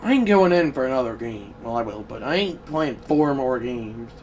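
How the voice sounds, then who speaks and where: A streamer calls a baseball video game live, with a pitch that swings widely as frustration mounts. The talk stays conversational but keeps breaking into outraged shouts aimed straight at the game. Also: moderate pace, slight background noise. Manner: frustrated, excitable, bursts into shouting; talks back to the game. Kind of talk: live gameplay commentary.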